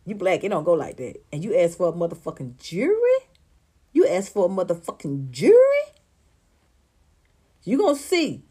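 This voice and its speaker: A woman's voice: fairly low pitch, slight background noise. A woman giving heated celebrity gossip commentary, blunt and profane, firing off sarcastic rhetorical questions.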